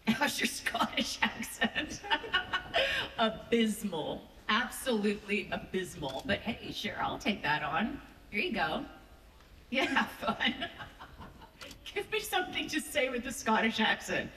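A woman's voice: fairly high pitch, very animated, takes it slowly, bright, forceful tone. A woman on a convention panel, chatting playfully and giggling. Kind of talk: casual panel chat. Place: large convention hall. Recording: echoey hall, distant mic, noisy.

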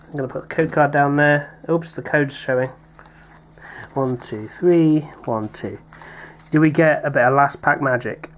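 A man's voice: a little high, a little hiss or hum. A British man chatting playfully while opening card packs, reading out names with little laughs. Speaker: card pack opener, co-host. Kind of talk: casual unboxing chat.

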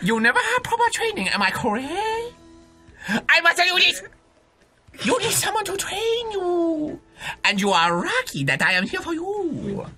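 A man's voice: high-pitched, huge pitch swings, a little slow, pushed and bright, husky, soft background music, exaggerated voice. A man voicing a pompous master sniffer dog. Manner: stilted broken-English tutorial speech, pompous. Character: self-proclaimed master sniffer dog, male, boastful trainer. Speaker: game commentator.

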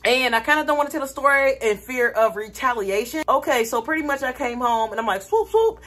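A woman's voice: fairly high pitch, quick pace. A woman vlogger talking casually to her viewers, telling a dramatic story with lots of energy. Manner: animated, dramatic retelling with laughter.

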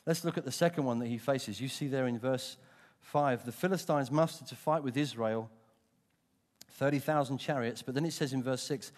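A man preaching a sermon as pastor, telling stories with animation and dropping to a hush for emphasis. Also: mid-range voice, moderate pace, big-room sound. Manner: animated storytelling, acting out voices, dropping to hushed emphasis.

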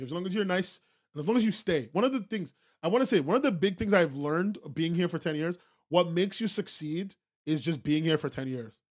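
A man hosting a podcast, talking bluntly and casually to his stream chat, swearing freely and repeating himself for emphasis, laughing often. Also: fairly high pitch. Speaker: podcast host.

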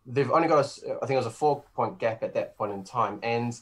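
A New Zealand man co-hosting a football podcast, chatting casually and laughing often. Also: medium pitch. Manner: laughs often, quick restarts. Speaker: podcast co-host. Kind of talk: casual sports chat.

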